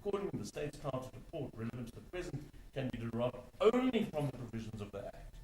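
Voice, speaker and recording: A man's voice: medium pitch, very animated, quick pace, a little mellow, reverberant, slight background noise, poor audio. A man arguing a case in court as an advocate, stressing key words by repeating them. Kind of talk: courtroom legal argument.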